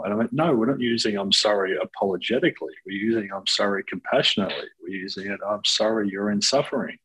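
A man in casual conversation as a podcast co-host and counsellor, playful and animated, often laughing. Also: lowish voice, quick pace, hardly any pauses, poor audio. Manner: playful, animated, bursts into silly sounds and laughter.

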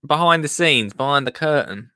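A man hosting a podcast, reading out gardening news in a loose, jokey ramble full of asides. His voice is bright and forward, and it sits close and dry on the mic. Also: a little high, animated, moderate pace, no room sound. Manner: rambling, self-interrupting, jokey. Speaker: podcast host.

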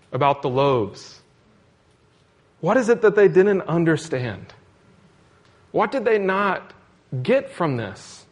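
A man preaching a sermon in an earnest, repetitive cadence, asking questions as he goes. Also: on the high side. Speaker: pastor.

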